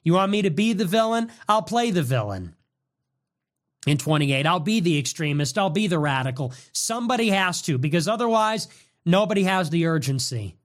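A man's voice: high-pitched, sing-song, normal speed. A man hosting a political show, delivering an angry, combative monologue.

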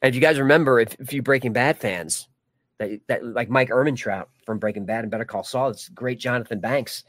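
A man's voice: medium pitch, a little fast, fairly bright tone, dry recording. A man hosting a live stream, chatting casually and joking while reading viewer comments. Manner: rambling, jokey, many restarts. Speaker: livestream host.

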